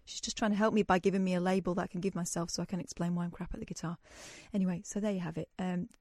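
A woman's voice: on the low side, fairly even intonation, rapid-fire, a little mellow, no echo, studio quality. A woman hosting a radio show, chatting casually and reading news aloud with joking asides. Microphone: studio microphone.

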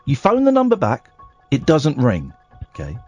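A man hosting a late-night radio phone-in, incredulous and quick to joke. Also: medium pitch, wildly swooping pitch, darkish tone, breathy edge, lo-fi sound, faint music behind. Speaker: radio host. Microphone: studio microphone.

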